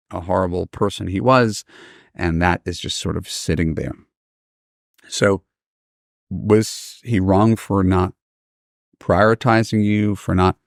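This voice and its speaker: A middle-aged man hosting a podcast, telling stories and giving advice in a lively, casual way and acting out the people he quotes. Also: sits low, gravelly, dry recording, studio quality. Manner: animated, acts out quoted voices. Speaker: podcast host and dating coach. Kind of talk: casual storytelling advice talk.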